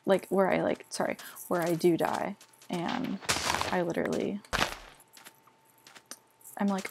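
A woman's voice: on the low side, little pitch movement, measured pace, creaky, long pauses. A young woman chatting casually as she plays a game, self-mocking and full of filler words. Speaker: gaming vlogger. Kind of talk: casual gameplay commentary. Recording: noisy home recording.

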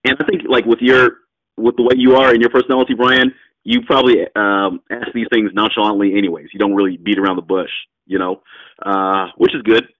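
A man coaching a student over a call on real estate, casual and loose, often laughing and acting out quick phone exchanges. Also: fairly low pitch, level tone, dull audio. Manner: loose, laughing, quick bursts of role-played phone talk.

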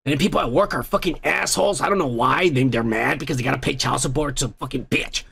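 A man's voice: mid-range voice, quick pace, creaky, a bit bright, husky. A man hosting a podcast, reading viewer comments aloud in casual, rambling, profane chat. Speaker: podcast host.

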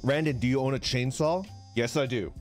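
A man's voice: medium pitch, a little fast, faint music behind. A man streaming a casual morning chat, telling a story and laughing often as he greets viewers. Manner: laughs a lot while telling stories, reads chat names aloud.

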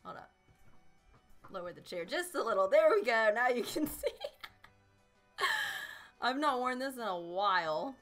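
A bubbly woman hosts a live gameplay stream, greeting viewers and chatting casually as she plays. Her voice is bright and fairly high, with a lot of lively movement. Faint music plays behind her. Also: measured pace, long pauses. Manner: bubbly, greets chat, laughs often. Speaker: livestream host playing a video game.

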